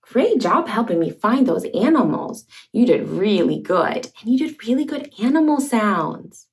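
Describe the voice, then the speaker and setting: A young woman hosting a toddler learning video, talking in a slow, exaggerated sing-song way and playfully making animal sounds. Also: medium pitch, sing-song. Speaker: children's educational host.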